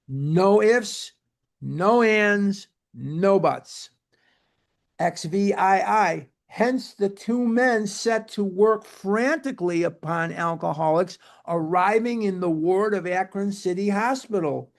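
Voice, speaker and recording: High-voiced man giving an emphatic group talk. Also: unhurried. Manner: emphatic and repetitive, spells words out letter by letter. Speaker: speaker at a recovery-program book study. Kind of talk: lecture-style group talk.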